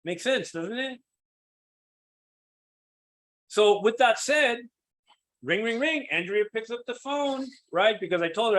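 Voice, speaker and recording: A man with a fairly high voice runs a sales coaching session. He talks energetically, keeps asking his listeners whether they follow, and acts out sample phone calls. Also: animated, unhurried, pauses often, a bit bright. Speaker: sales team trainer.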